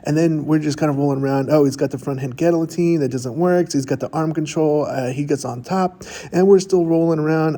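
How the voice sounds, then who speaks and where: Goofy, mellow-voiced man narrating a grappling roll. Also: a little high, steady tone, a little fast. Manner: goofy, self-mocking, chatty, quotes himself and opponent in silly voices. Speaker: jiu-jitsu practitioner narrating own roll. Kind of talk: casual play-by-play voice-over.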